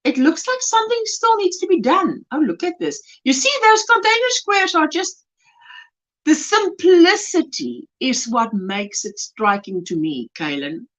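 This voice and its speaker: A woman from South Africa hosting a casual crochet livestream, chatty and animated, gushing over yarn and reading viewer comments aloud. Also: high voice, measured pace. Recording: dull lo-fi livestream audio.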